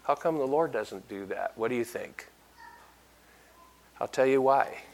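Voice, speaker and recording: Slow-speaking preacher man, rhetorical. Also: mid-range voice, vocal fry, a little hiss or hum. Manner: asks the congregation rhetorical questions; builds to loud emphatic peaks. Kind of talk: sermon.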